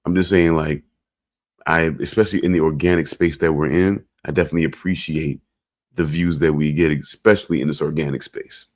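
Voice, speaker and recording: A man with a very low voice chats loosely on a podcast. He rambles and circles back, tossing in jokes and little asides as he goes. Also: steady tone, a little fast. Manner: rambling, joking, repeats "I'm just saying". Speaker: podcast co-host. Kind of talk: casual chat.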